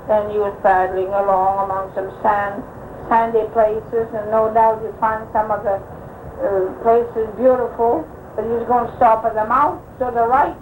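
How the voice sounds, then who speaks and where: A high-pitched older woman recalls past adventures in a loose, rambling way, putting voices to the people she quotes. The old tape has a roomy, echoing sound with a faint hiss underneath. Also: darkish tone. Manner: rambling anecdotal telling, acting out quoted speech. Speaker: oral history interviewee. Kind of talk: recounting old personal stories.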